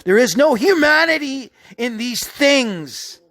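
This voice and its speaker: A man's voice: very high-pitched, expressive, fairly bright tone. A man ranting angrily over news clips in a profane, contemptuous way. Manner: profane, contemptuous, slow and emphatic. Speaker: video narrator. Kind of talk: angry ranting commentary.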